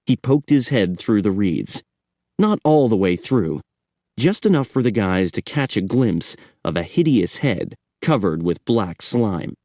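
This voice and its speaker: A man narrating a horror audiobook in a measured storytelling manner. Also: lowish voice, big pitch swings, warm tone, no echo, studio quality.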